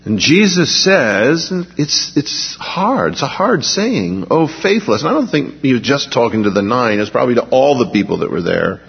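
A man preaches in a relaxed, conversational way, moving between scripture reading and homely stories. His voice is a little husky and sounds dull and lo-fi, with a long reverb trailing through a large hall. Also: medium pitch, moderate pace, few pauses. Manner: conversational, storytelling with asides. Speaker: pastor. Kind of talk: sermon.

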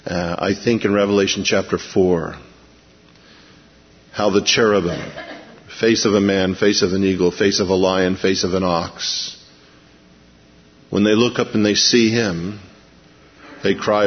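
A man's voice: low-pitched, fairly even intonation, unhurried, pauses often. A man preaching a verse-by-verse sermon, retelling scripture in a folksy, chuckling way. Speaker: pastor. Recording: lo-fi radio broadcast with long reverb.

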